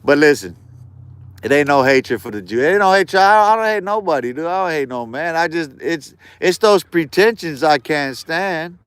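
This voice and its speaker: Smooth-voiced man ranting on a stream. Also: on the high side, expressive, normal speed, fairly bright tone, no room sound. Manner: heated, streetwise slang, repeats words. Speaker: live streamer. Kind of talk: casual ranting monologue.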